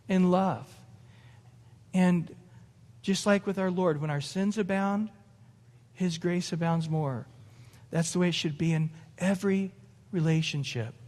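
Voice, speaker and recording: A man's voice: high-pitched, darkish tone. Man preaching in a reverberant hall. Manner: conversational preaching with laughs and acted-out quotes. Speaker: pastor. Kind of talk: sermon. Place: church sanctuary.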